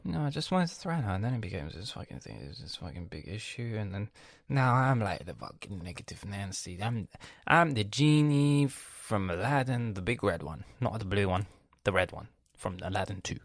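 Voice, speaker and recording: A man's voice: fairly low pitch, normal speed, dry recording. A young man with a London accent ranting casually on his podcast, swearing and acting out his family with lots of slang. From England. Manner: animated storytelling with slang and swearing, acts out family members.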